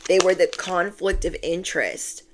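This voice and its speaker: A woman giving a chatty, animated tarot reading to camera, repeating key phrases to reassure. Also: on the low side, moderate pace, noisy background. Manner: chatty and animated, acts out quoted voices. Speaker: tarot reader.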